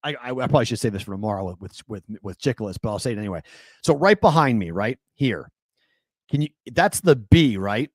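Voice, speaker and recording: Excitable sports radio host, dry studio. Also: male voice, lowish voice, fairly quick, dry recording. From New England. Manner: animated, excitable storyteller with many fillers and restarts. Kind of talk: casual sports talk storytelling.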